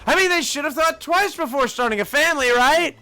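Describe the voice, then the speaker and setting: A man voicing a cowardly, defensive company boss in a game, protesting in a shrill, panicky way. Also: a little fast, bright, forceful tone, exaggerated voice. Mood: panicked.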